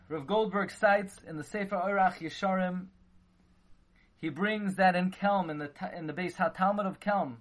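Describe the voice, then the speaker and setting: Speaking with a high, slightly bright voice, a man lectures on Torah as a rabbi. Hebrew and Yiddish words come thick and fast, and he dramatizes the dialogue.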